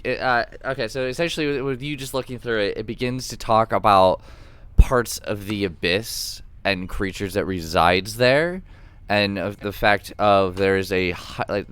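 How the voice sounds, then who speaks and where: A man running a tabletop game as dungeon master, narrating with many pauses and fillers. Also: sits low, a bit bright, clean tone, no echo. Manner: hesitant, filler-heavy narration. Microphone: streaming microphone.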